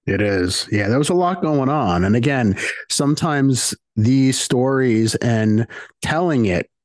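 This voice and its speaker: A man's voice: mid-range voice, lively intonation, unhurried, darkish tone, dry recording, studio quality. A man hosting a podcast, chiming in with short agreement and then reflecting casually. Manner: brief agreeing replies. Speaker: podcast host. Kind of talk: casual chat.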